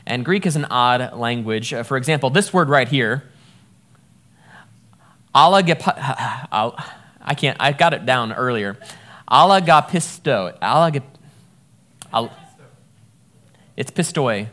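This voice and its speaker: A man's voice: mid-range voice, animated, measured pace, long pauses, a bit bright. A man in his thirties giving a casual, conversational sermon as a pastor, joking at himself when he stumbles over words.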